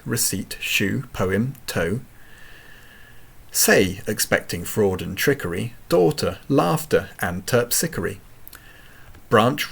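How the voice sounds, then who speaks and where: Male reader, slow deliberate recitation, gravelly, animated pitch. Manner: slow, carefully enunciated, lively pitch. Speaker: poetry reader.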